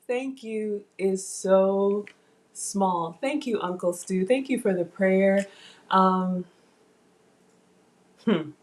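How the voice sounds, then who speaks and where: Woman, livestream host, emotional, halting heartfelt talk, trails off. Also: medium pitch, darkish tone, a little hiss or hum. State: emotional, close to tears. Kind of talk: casual live-stream chat.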